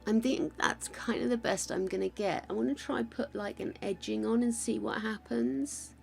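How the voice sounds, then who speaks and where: An older woman from England with a croaky voice, chatting and thanking viewers while building in a game, self-mocking and gushing. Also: on the high side, normal speed, darkish tone, soft background music. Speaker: game streamer.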